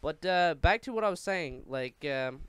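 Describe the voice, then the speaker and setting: Fairly high and a bit bright, this man's voice has lively intonation, with a little noise in the background. A gaming channel host with a Newfoundland, Canada accent, he rattles on quickly over gameplay, tripping over words and leaning on fillers.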